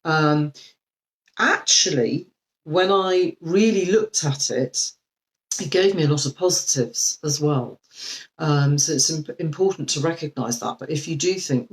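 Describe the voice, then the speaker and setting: A woman coach giving a live video talk, speaking gently and reflectively with frequent ums and restarts. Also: deep voice, measured pace, poor audio. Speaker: life coach.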